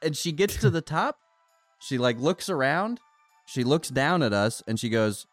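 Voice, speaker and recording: A man's voice: fairly high pitch, animated, unhurried, no room sound. A young man hosts a podcast and spins a rambling story, laughing and tripping over his words. His voice sits mid-range. The recording is dry, with faint music underneath. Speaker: podcast host. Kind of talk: casual chat, storytelling.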